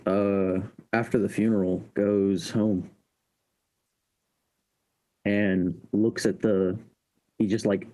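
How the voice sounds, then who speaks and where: A man playing a tabletop game, describing his character's actions in a halting way with many fillers. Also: lowish voice, dark tone, rough recording. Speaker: player.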